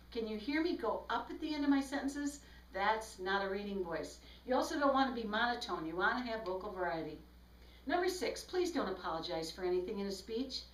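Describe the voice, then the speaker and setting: A woman's voice: medium pitch, expressive, a little fast, far from the mic. A woman speech instructor giving a recorded lecture, explaining tips and demonstrating examples aloud. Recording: echoey room, voice from off-mic.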